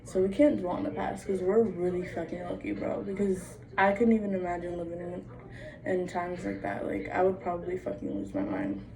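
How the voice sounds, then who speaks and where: A woman's voice: fairly low pitch, lively intonation, brisk, gravelly, a crowd in the background. A young adult woman vlogging in a casual monologue, blunt and profane, with "like" in nearly every phrase. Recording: distant mic with faint background noise.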